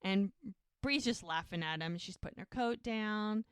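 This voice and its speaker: A woman's voice: medium pitch, unhurried, clean tone, no echo. A woman co-hosting a podcast, casually retelling TV scenes and quoting the characters' lines. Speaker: podcast co-host recapping episodes. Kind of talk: casual recap chat.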